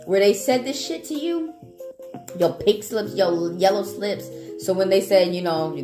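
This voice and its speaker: A woman's voice: mid-range voice, lively intonation, a little slow. Blunt, profane woman. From Atlanta, Georgia, US South. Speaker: live tarot reader. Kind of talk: casual livestream chat with viewers. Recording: echoey room with background music.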